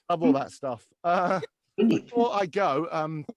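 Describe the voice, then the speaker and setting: A man, a comedian and voiceover artist, doing a stand-up set of impressions over a video call, switching fast between put-on voices and laughing at his own jokes. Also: high-pitched, a bit bright.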